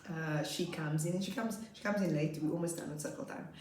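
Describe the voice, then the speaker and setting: A woman's voice: a little fast, slight background noise. A young woman teacher casually telling funny stories about her class, laughing often and acting out her pupils. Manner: animated, laughs often, acts out her pupils in high voices. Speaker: grade 2 teacher. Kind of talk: casual storytelling vlog. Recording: roomy echo, slightly far from mic.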